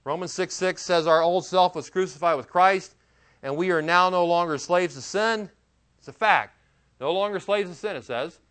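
Male pastor, sermon, emphatic, earnest, rhetorical questions, somewhat high-pitched voice. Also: moderate pace, fairly bright tone.

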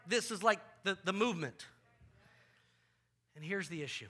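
Male pastor, animated sermon delivery, high and bright, repeats words as he goes. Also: normal speed, long pauses, slightly rough. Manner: animated, acts out scenes with volunteers, repeats words.

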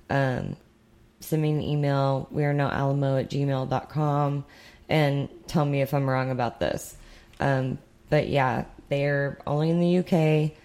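A young woman from the United States chats on a podcast with a low, gravelly voice full of vocal fry. She rambles casually and throws in sarcastic asides. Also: warm tone. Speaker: podcast co-host.

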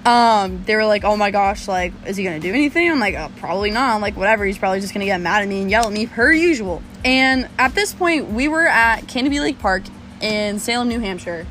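Animated young woman telling a story. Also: medium pitch, fast, faint music behind. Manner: animated, swearing, laughing often. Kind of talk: casual storytelling chat.

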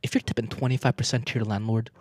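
A young man co-hosting a podcast in casual chat, animated and quick to laugh, often saying dude and man. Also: mid-range voice, slightly rough, dry recording, clean studio sound. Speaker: podcast co-host.

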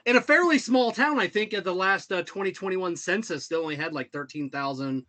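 A man's voice: sits high, fairly quick, sharp tone. A male podcast host chatting casually, laughing often and stumbling over repeated words as he starts sentences. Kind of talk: casual chat.

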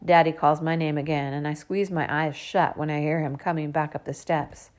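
A woman narrating a first-person children's story in a lively, expressive way. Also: sits low, moderate pace. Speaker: audiobook narrator.

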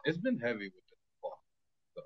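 Lively laid-back man on lo-fi audio. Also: medium pitch, brisk, slightly rough. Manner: laid-back, joking, laughs often. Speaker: podcast host. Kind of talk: casual chat.

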